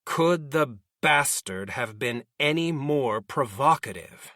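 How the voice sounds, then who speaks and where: A man reading a light novel aloud in first person, slow and deliberate. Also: mid-range voice, animated, sharp tone, dry recording, studio quality. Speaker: audiobook narrator.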